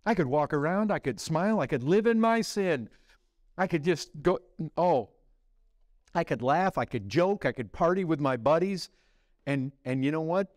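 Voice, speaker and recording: A man preaching a sermon, swinging between loud exclamations and hushed low lines. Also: expressive, moderate pace, no room sound, studio quality. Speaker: pastor.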